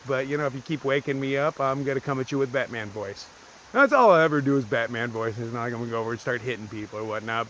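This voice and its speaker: A man's voice: mid-range voice, a bit bright, slight background noise. Blunt, profane man hiking a mountain. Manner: blunt, profane, self-mocking storyteller. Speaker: solo thru-hiker vlogger. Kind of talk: casual vlog talk to camera. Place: outdoors on a wooded mountain trail.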